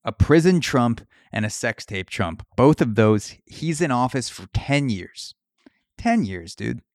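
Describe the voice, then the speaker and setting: Young male podcast host, crude riffing comic, middle pitch, dry recording. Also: sing-song, unhurried, a little mellow, no room sound. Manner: crude, riffing, shifts into mock voices for bits. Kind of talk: comedic podcast rant.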